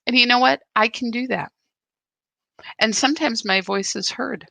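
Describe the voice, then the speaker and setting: A woman's voice: a little high, moderate pace, vocal fry, pushed and bright, no room sound. A woman hosting a live spiritual practice, talking in an earnest, confessional and searching way. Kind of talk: live reflective spiritual talk.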